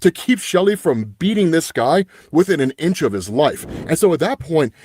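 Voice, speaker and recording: Animated young man recapping a comic. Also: a little high, normal speed, husky, no echo, studio quality. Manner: animated storyteller, paraphrasing characters' dialogue with "right?" asides. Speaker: comic book channel host. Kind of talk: casual comic book recap.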